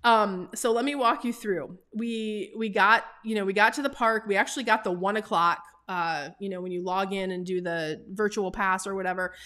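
A woman in her forties telling a story casually to camera, animated and laughing often, with many fillers. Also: medium pitch, moderate pace, hardly any pauses. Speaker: travel business vlogger.

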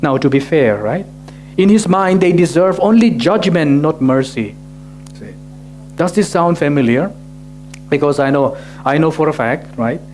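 A man's voice: fairly high pitch, expressive, unhurried, darkish tone, faint music behind. A male pastor preaching a sermon, asking rhetorical questions and often adding "right?" to his sentences. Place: church gathering.

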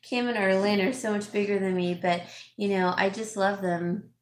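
A middle-aged woman hosting a casual haul vlog, chatting warmly and thanking viewers by name as she opens gifts. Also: mid-range voice, steady tone, moderate pace. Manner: chatty, gushing, reads viewer names aloud. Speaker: vlog host, home stager. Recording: roomy echo, faint background noise.

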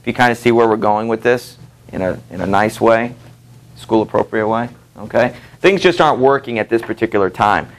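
Chatty male teacher lecturing a class. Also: brisk. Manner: casual, conversational, many fillers and check-ins with the class; reads quotes aloud with lively pitch jumps. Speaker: high school literature teacher.

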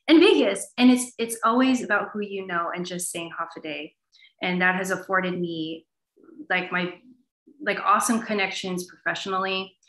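Woman, interview guest, low-pitched, bright tone, chatty fillers, roomy echo. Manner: animated, many fillers like "you know". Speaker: guest academic. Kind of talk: conversational interview answer.

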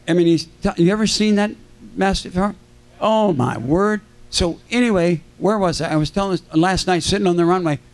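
An older man telling animated stories to a convention audience, acting out the voices of people he quotes. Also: sits high, a little fast, no echo. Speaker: convention panel guest. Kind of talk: storytelling to a live audience. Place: convention stage.

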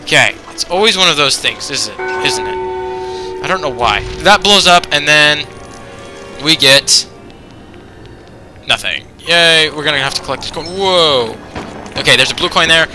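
A man's voice: a little high, expressive, measured pace, pauses often, music in the background, low-quality recording. A man giving casual video game commentary, rambling with lots of fillers and often exasperated at the game. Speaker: let's play host.

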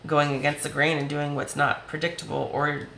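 A woman reads tarot cards for her viewers, chatty and reassuring as she speaks right to them. Her voice is hoarse and gravelly from talking. The sound is roomy and echoey, with a faint hiss behind it. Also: sits low, level tone, moderate pace, fairly bright tone. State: voice going hoarse. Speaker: tarot reader. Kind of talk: tarot reading video.

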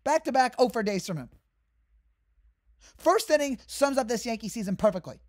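A woman in full rant mode, exasperated and heated, her voice sitting fairly high. She talks straight to her viewers as a fan channel host, going over the same grievance again and again. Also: expressive, normal speed.

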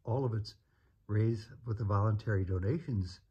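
A man's voice: fairly low pitch, moderate pace, warm tone, slightly rough. A man interviewing a guest, prompting and summing up his points. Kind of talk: conversational interview.

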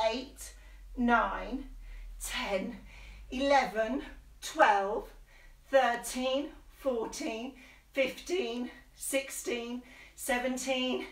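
A woman's voice: sits high, a bit bright, recorded from a distance. A woman leading small children through nursery rhymes and action songs in a playful, sing-song way. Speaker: children's sing-along leader. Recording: echoey room, a bit off mic.

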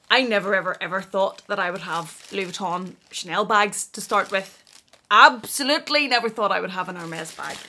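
Brief: young woman, giggly, excitable unboxing vlogger, bright sharp tone, stumbles over her words. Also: mid-range voice. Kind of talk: unboxing vlog chat.

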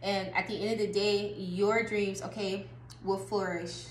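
Talking straight to her audience, this tarot reader gives a relaxed, chatty reading full of swearing and easy laughter. Her mid-range voice shows little pitch movement and an unhurried pace, recorded in an echoey room with faint noise.

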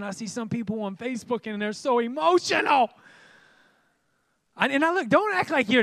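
A young male pastor, preaching in a comic, animated way and acting out voices. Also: high-pitched, dry recording. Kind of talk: sermon.

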